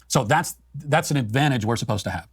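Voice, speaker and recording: A man's voice: mid-range voice, animated, brisk, husky, no echo, clean studio sound. A man giving political commentary as a co-host, in an emphatic, argumentative way.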